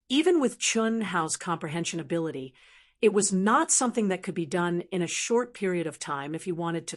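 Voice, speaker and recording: Woman narrating a fantasy audiobook. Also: on the low side. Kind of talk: scripted narration.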